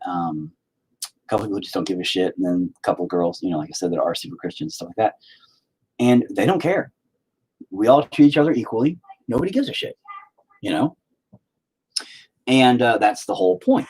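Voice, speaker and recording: A man's voice: lowish voice, a little mellow, breathy edge, poor audio. A man talking casually and bluntly in a rambling monologue, swearing freely as a podcast host.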